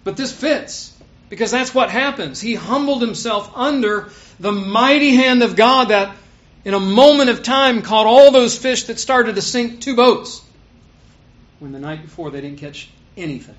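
High-voiced man preaching with emphatic swings. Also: lively intonation, a little slow. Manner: emphatic, swings between loud stresses and quiet asides. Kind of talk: sermon. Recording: dull lo-fi recording.

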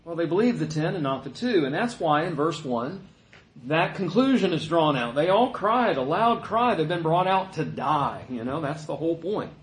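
A man's voice: on the high side, expressive, moderate pace. A man preaching a sermon, reading scripture and retelling it in a conversational way, mimicking the complaining people with a mocking voice. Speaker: pastor. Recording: echoey room.

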